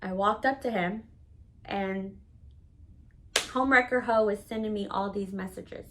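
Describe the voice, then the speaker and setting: A woman telling a personal story to camera in a casual, candid, profane manner, animated and dramatic. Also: mid-range voice, measured pace, slight background noise, poor audio. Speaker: storytelling vlogger.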